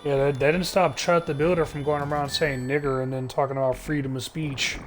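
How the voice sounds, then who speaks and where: A man's voice: a little high, little pitch movement, fairly quick, soft background music. A man ranting sarcastically on a live stream, swearing often and stumbling through restarts. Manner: profane, heated, sarcastic ranting with frequent filler restarts.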